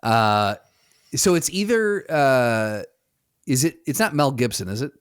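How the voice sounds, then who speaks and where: A man's voice: mid-range voice, lively intonation, unhurried, clear, resonant tone. A man co-hosting a podcast in casual chat, rambling through joking guesses and repeating words while he thinks. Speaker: podcast co-host.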